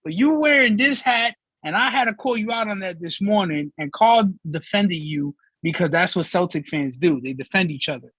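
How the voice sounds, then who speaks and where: A man co-hosting a sports talk show, teasing his partner with animated trash talk. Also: high-pitched, moderate pace, few pauses, breathy edge, dry recording, rough recording. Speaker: co-host.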